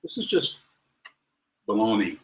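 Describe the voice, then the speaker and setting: A man's voice: on the low side, big pitch swings, a little slow. A man giving a Buddhist dharma talk, blunt and wry, fielding questions from students. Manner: blunt, wry, lectures then lets students ask. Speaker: Buddhist teacher. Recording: roomy echo.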